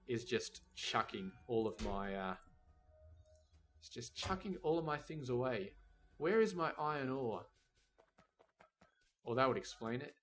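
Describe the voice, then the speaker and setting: A man talks through a factory-building game in a relaxed, rambling way. His voice sits at an ordinary middle pitch as he weighs options aloud and now and then scolds the game's robots and trains. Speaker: gameplay commentator. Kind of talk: casual let's-play commentary.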